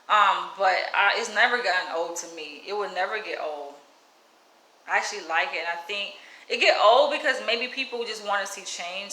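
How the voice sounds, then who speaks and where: Outspoken woman vlogger in an echoey room. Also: a little hiss or hum. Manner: outspoken, animated, drops into higher mimicking voices when quoting others; casual speech with light cursing. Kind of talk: casual storytelling to camera, reading live chat.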